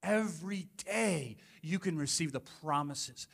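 A man's voice: fairly high pitch, animated, unhurried, gravelly, a bit bright, slightly rough, big-room sound. A male pastor preaching a sermon in a conversational, emphatic way, full of asides to the congregation.

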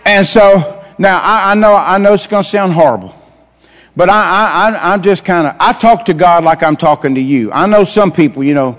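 A male pastor telling a folksy story that builds into shouted, fervent preaching in a church. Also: high voice, normal speed, in a large hall. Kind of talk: sermon. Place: church sanctuary.

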